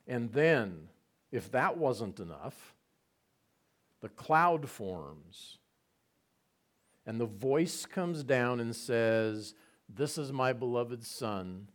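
A man giving a conversational Bible teaching, relaxed and asking his listeners rhetorical questions. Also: mid-range voice.

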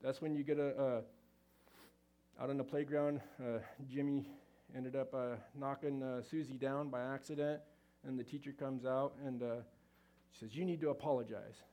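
A man's voice: medium pitch, flat delivery, moderate pace, dark tone. A man speaking to a live audience at a marriage seminar, folksy and conversational, with frequent fillers and restarts.

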